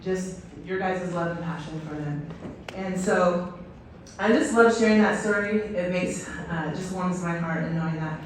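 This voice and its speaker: A woman's voice: on the low side, unhurried, distant mic, a little hiss or hum. Echoey woman speaking to a stadium. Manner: enthusiastic, storytelling, many fillers. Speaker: head volleyball coach, guest speaker. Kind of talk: speech to a stadium crowd. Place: outdoor stadium.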